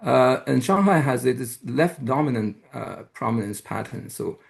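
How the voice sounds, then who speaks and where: Gravelly-voiced man giving a hesitant lecture. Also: mid-range voice, animated, measured pace. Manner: hesitant, many fillers and restarts. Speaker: guest lecturer. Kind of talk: academic lecture.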